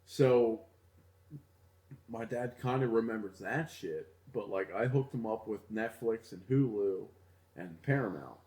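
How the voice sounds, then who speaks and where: A man's voice: fairly low pitch, unhurried, mellow. A young man co-hosting a podcast in casual chat, laid-back and chatty, with lots of "like" fillers. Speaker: podcast co-host. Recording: roomy echo.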